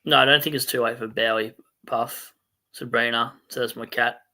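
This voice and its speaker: Aussie guy hosting a late night stream, reading chat out, rambly and chatty, really bright sharp voice. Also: medium pitch, steady tone. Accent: Australian. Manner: rambling, chatty, quick to laugh at himself. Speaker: fantasy football stream host. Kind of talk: casual late-night livestream chat, reading viewer comments.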